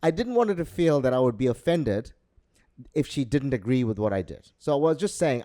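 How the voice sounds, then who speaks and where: A man co-hosting a podcast, telling a long story in a rambling, halting way. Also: mid-range voice, sing-song, dark tone, no room sound, studio quality. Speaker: podcast co-host. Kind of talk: casual chat.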